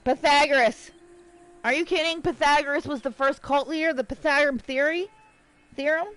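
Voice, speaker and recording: A woman's voice: high-pitched, steady tone, moderate pace, a bit bright, poor audio. A woman live streaming a game, chatting casually, reading text aloud and riffing with jokes for her viewers. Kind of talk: casual livestream chat while gaming.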